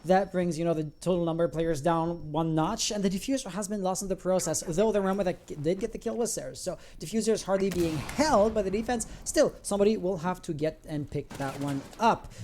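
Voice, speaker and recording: A man giving live esports commentary, breaking down tactics and rising to excited calls on big plays. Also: high voice, fairly quick, few pauses, slight background noise. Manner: analytical, builds to excited shouts on big plays. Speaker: esports caster.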